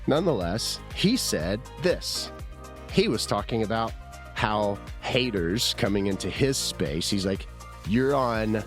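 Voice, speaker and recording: A man's voice: fairly low pitch, lively intonation, measured pace, fairly bright tone, faint music behind. A man hosting his own podcast, talking in a rambling, chatty, self-deprecating way while his throat is sore from the flu. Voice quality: husky from illness. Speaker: podcast host. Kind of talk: casual solo podcast monologue.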